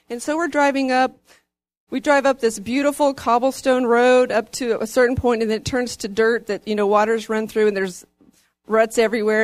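Lady testifying at church, kinda high voice, dry sound. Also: no room sound. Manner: earnest, rising to excited. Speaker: church member giving a testimony.

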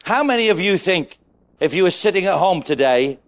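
A man preaching a sermon to a congregation, animated and asking them questions. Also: high-pitched, a little fast. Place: church with a congregation.

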